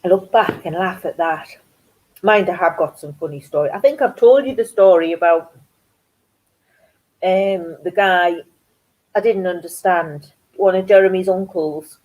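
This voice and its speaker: Chatty Geordie woman, mellow voice. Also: lowish voice, a little slow, long pauses, poor audio. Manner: animated anecdote-telling with amused asides. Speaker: craft channel host. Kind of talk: casual chatty storytelling.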